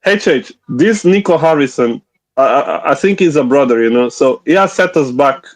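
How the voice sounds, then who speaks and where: A man's voice: fairly high pitch, animated, normal speed, rough recording. A man in a casual group chat, talking emphatically with exasperated asides. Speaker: panel guest.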